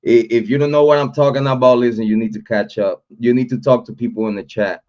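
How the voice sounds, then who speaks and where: A man's voice: medium pitch, steady tone, fast talker, a little mellow, lo-fi sound. A man in his forties hosting a livestream, casually joking and ranting with a lot of profanity, sounding a little congested. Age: 40s. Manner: boastful, joking, profane rant. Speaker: livestream host.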